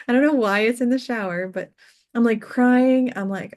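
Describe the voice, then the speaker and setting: A woman with a mid-range voice tells personal stories as a guest on an interview show. She speaks earnestly and from the heart, scattering "like" through her sentences. Her voice goes soft and quiet on the tender moments. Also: mid-range voice, measured pace. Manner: earnest and heartfelt, peppered with "like" fillers. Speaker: death doula, podcast guest. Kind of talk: casual interview storytelling.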